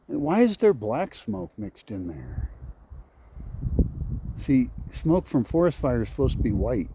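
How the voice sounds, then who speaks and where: Man, sardonic rural vlogger, mellow voice, mutters and swears, faint background noise. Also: mid-range voice, sing-song, a little slow, long pauses. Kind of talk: casual walking vlog. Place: outdoors on rural land.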